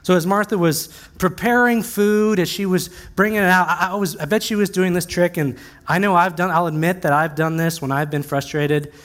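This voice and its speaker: A male preacher with a somewhat higher voice, telling the story in a relaxed, conversational way. He slips into acted asides and keeps the delivery lively. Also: moderate pace. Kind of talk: sermon.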